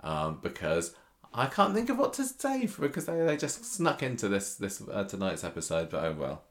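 Joking man with a lowish voice. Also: wildly swooping pitch, moderate pace. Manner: jokey, laughs often. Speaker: podcast co-host. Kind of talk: casual chat.

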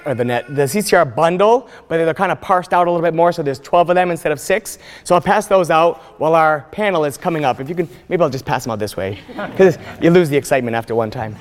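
High-voiced man moderating in a church. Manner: chatty, self-deprecating. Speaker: forum moderator. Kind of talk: casual church forum hosting. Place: church sanctuary. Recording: reverberant hall, faint noise.

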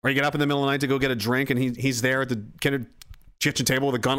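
A man's voice: mid-range voice, level tone, very fast, background noise. A man hosting a podcast livestream, ranting casually and profanely, reading chat messages and acting out quoted voices.

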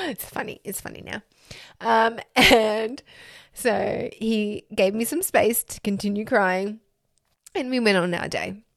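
A woman in her thirties telling a personal story in an earnest, reflective way, laughing softly between thoughts. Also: medium pitch, slow, vocal fry, no room sound, clean studio sound. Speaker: podcast host.

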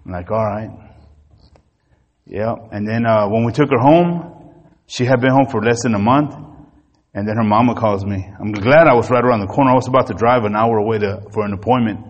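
A man pastor delivering a sermon, telling a personal story in an animated, emotional way. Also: fairly low pitch, a little fast, in a large hall, dull audio.

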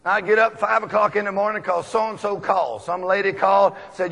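Folksy preacher with a high raspy voice. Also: male voice, a little fast, hardly any pauses. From Texas. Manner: folksy, animated anecdotes with laughs. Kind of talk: storytelling sermon. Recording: long echoey hall reverb.

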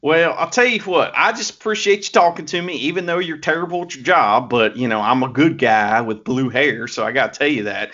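A man's voice: mid-range voice, fairly quick, few pauses, a bit bright, muffled recording, close to an everyday voice. A man putting on the voice of a cocky young male pro wrestler, swaggering and jokey, with a put-on Southern US drawl.

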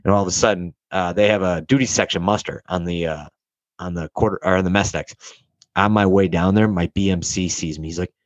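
A man's voice: sits low, steady tone, fairly quick, dry recording, muffled recording. A young man telling a rambling, profane story in casual chat, acting out the people he quotes.

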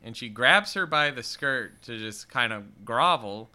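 Man, casual podcast chat, very bright crisp tone, smooth clear voice, animated storyteller. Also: measured pace. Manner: animated retelling, jumping into high silly voices for characters. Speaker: podcast co-host. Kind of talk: casual film discussion.

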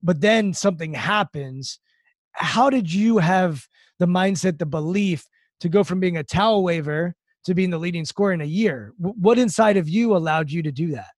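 A man's voice: normal speed, dry recording, clean studio sound. A man hosting an interview, cutting in with probing questions about mindset. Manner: probing, cuts in to dig deeper. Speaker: podcast host.

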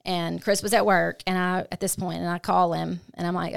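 A middle-aged woman telling a hard family story as a podcast guest, earnest and halting, often restarting her sentences. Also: on the low side, level tone, vocal fry, clean tone, no room sound, studio quality. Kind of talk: candid personal storytelling.

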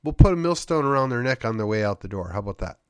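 A man's voice: medium pitch, expressive, very fast, smooth, no room sound, studio quality. A man hosting a show, delivering an opinionated monologue full of rhetorical questions and needling sarcasm. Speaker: podcast host.

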